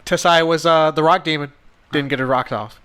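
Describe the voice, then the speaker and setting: Male podcast co-host, high bright voice, profane animated storyteller. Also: a little fast, clear, resonant tone. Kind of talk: casual chat recapping an anime film.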